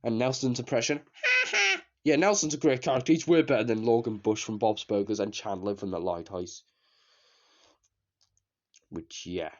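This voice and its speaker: A man's voice: on the low side, moderate pace, pauses often, darkish tone. A man giving a casual spoken review of a cartoon series, rambling and repeating himself as he trails off into fillers. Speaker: TV show reviewer. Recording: slightly dull lo-fi recording.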